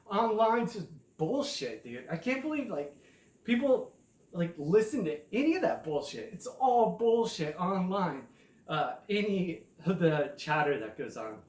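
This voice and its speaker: Rambling, profane high-voiced man. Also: reverberant. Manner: rambling, profane, filler-heavy, says dude a lot. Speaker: self-published author and vlogger. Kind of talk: casual rambling monologue.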